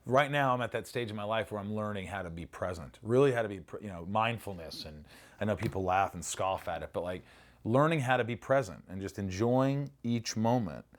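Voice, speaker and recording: A middle-aged man with a slightly low voice recalls his acting days in a casual interview. He talks animatedly, swears freely and slips into acting out lines as he goes. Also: fairly quick. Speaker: actor being interviewed.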